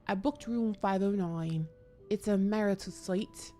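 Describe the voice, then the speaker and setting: A woman voicing a prim woman writing a secret love letter, in a put-on posh British accent with a slow, mock-formal delivery. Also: medium pitch, warm tone, soft background music, close to an everyday voice. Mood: secretive.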